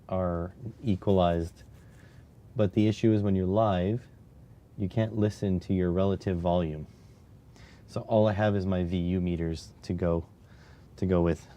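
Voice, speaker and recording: Low-pitched and dark in tone, a man codes live on a casual stream. His voice is giving out, and he mutters to himself between responses to chat, speaking into a clip-on mic near his chest.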